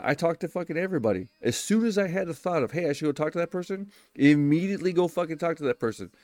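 A man's voice: fairly high pitch, darkish tone, no echo. Blunt, cussing young man, dry close mic. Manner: profane, blunt advice with quoted retellings. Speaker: podcast host. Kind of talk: casual solo podcast monologue.

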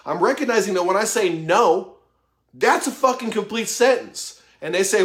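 Recorded in an echoey room, this man in his thirties gives a profanity-heavy motivational talk straight to camera, blunt and emphatic as he lays bare his own weaknesses. He's a motivational vlogger whose voice sits high and fairly bright, at a moderate pace.

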